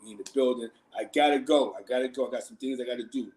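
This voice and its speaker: A man's voice: medium pitch, fast, poor audio. A man from Harlem, hosting a livestream and telling street stories in slangy talk with frequent laughter. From Harlem, New York. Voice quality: slangy, laughs often, animated. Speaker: livestream host. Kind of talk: casual street storytelling.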